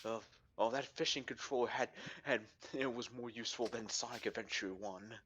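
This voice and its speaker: A man's voice: medium pitch, normal speed, noisy background. A man in casual stream chat, making wry joking asides.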